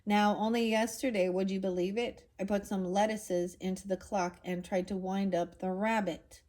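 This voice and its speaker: A woman's voice: mid-range voice, steady tone, moderate pace, darkish tone, close to an everyday voice. Woman voicing an old muddled professor, jolly, rambling, storybook reading. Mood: cheerful.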